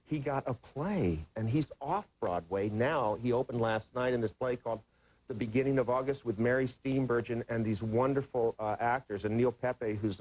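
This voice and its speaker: A man appears as a guest on a television talk show and tells rambling, warm-hearted anecdotes with many restarts. His voice sits in an ordinary middle pitch. This is an old broadcast recording. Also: low-quality recording. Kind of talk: casual chat. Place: television studio.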